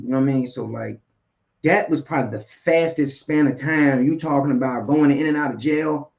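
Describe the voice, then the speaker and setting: Speaking with a gravelly, somewhat high voice, this Philadelphia man tells stories as a guest in a relaxed interview. His delivery is animated and streetwise, full of slang and "you know what I'm saying," captured in dull lo-fi sound.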